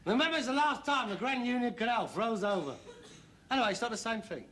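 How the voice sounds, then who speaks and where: A sarcastic son. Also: male voice, extremely high pitch, lively intonation, fast, a bit bright, slight background noise. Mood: coaxing. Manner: sarcastic, mocking, bursts into silly put-on voices. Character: sarcastic middle-aged London son, scheming and mocking. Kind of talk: sitcom acting.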